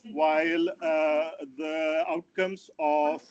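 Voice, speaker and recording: A man giving an online startup pitch, earnest and hesitant, with frequent fillers and restarts. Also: level tone, drawn-out words. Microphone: video call. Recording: dull, dry video call audio.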